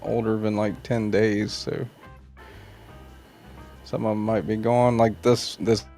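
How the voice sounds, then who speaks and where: A man's voice: on the low side, level tone, slow, vocal fry, warm tone, soft background music. A man hosting a casual livestream, rambling in a laid-back way and greeting viewers by name. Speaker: knife channel livestream host. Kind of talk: casual livestream chat reading viewer comments.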